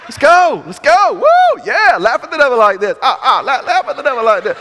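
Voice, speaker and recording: A man's voice: big pitch swings, fairly quick, exaggerated voice. Man doing panicky squealing little kids. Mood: excited cheering. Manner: high, shouting. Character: frightened young children pleading with dad.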